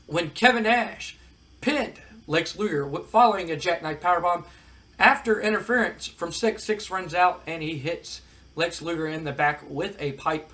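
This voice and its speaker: A man narrating a wrestling management game in casual commentary, relaxed and recapping with fillers. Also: on the high side. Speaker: let's-play narrator.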